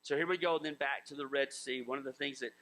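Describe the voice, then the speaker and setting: A man's voice: mid-range voice, fairly even intonation, fast talker, pushed and bright, rough recording. A man preaching a sermon in a conversational way, acting out biblical voices and chuckling as he goes. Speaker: pastor.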